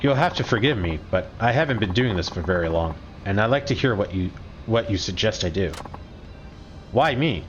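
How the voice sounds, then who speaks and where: A man's voice: fairly low pitch, animated, brisk, highs cut off, faint music behind. A man playing a video game, reading the driver's lines aloud and musing on his choices. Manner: reads dialogue aloud, musing commentary. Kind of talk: game playthrough, reading and commenting.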